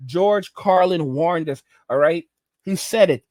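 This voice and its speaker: A man's voice: a little high, a little slow, darkish tone, no echo. A male host delivering an angry, emphatic rant, repeating his points over and over. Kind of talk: ranting commentary.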